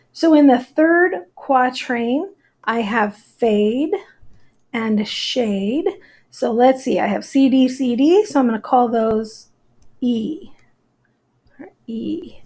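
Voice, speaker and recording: A woman's voice: a little high, a little mellow. A woman teacher giving a recorded lesson, explaining step by step and counting out syllables.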